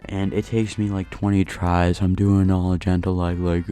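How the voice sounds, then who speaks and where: A man's voice: low voice, flat delivery, moderate pace, mellow, smooth, faint music behind. A man recording a storytime voice-over for his gaming channel, rambling and poking fun at himself. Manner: rambling, self-deprecating storytelling. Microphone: voice-over recorded late at night.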